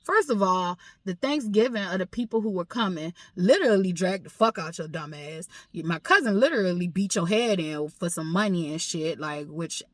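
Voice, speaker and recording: A woman's voice: fairly low pitch, lively intonation, normal speed, hardly any pauses, no room sound, studio quality. A woman vlogging a personal story with raw emotion, swearing often and repeating herself for emphasis. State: emotional, grieving.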